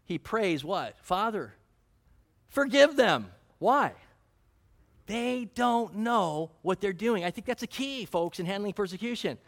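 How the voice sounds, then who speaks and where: Pastor, man, high pitch, earnest sermon delivery full of scripture quotes. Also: expressive, a little slow, fairly bright tone. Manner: earnest preaching, quoting scripture, asking the congregation questions.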